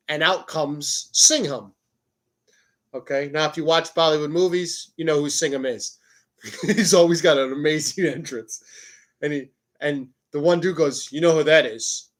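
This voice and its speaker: A man's voice: a little high, normal speed. A man hosting his own show in a rambling, profane casual monologue, often cutting himself off mid-sentence. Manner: rambling, profane, self-interrupting. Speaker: podcast host.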